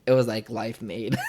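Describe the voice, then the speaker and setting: Rambling young man telling a story. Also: lowish voice. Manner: rambling, emotional, with many fillers and restarts. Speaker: interviewer. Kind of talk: casual conversational storytelling.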